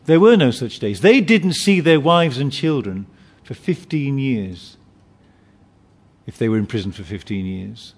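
A man's voice: mid-range voice, animated, measured pace. A man preaching a sermon, emphatic, often repeating and restarting his phrases.

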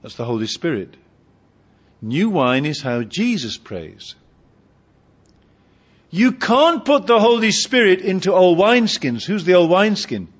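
A man's voice: high voice, big pitch swings, a little slow, long pauses, breathy edge. A man preaching a sermon with humour, asking his congregation questions, on a dull lo-fi recording. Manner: humorous, asks the congregation questions.

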